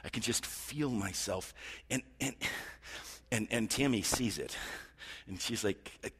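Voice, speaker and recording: A man's voice: lowish voice, a little slow, a bit bright, husky, long reverb tail. A middle-aged man preaching a sermon in an earnest, conversational way, often stammering over restarts. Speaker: pastor.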